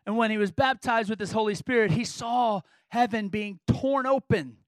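A man's voice: high voice, normal speed, dry recording, poor audio. A man preaching a sermon as a pastor, earnest and emphatic, driving points home with repeated rhetorical questions.

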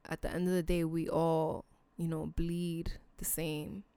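Low, gravelly, blunt-talking woman. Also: little pitch movement, measured pace, dark tone, no room sound. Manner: blunt, earnest, casual with swearing; emotional, sincere appeals to listeners. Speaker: podcast host. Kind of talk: heartfelt solo podcast talk.

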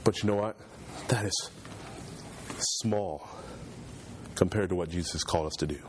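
A man preaching a sermon, building repetitive points with fervor and pushing his voice higher as he gets passionate. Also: measured pace, a little hiss or hum. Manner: impassioned, voice climbs high when fervent.

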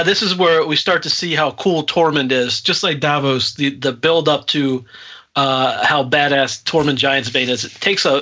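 A man's voice: medium pitch, sharp tone. A man co-hosting a podcast in casual chat, agreeable and full of questions. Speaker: podcast co-host. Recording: dull lo-fi mic.

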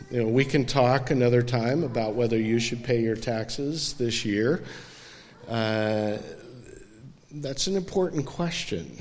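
Male pastor, unhurried and conversational, church sanctuary with long reverb. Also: medium pitch. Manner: conversational, asks the congregation questions. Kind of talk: sermon.

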